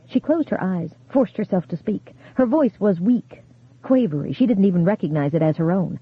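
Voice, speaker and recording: An audiobook narrator reading a horror novel in a measured, storytelling manner. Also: medium pitch, animated, husky. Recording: tinny phone-like sound.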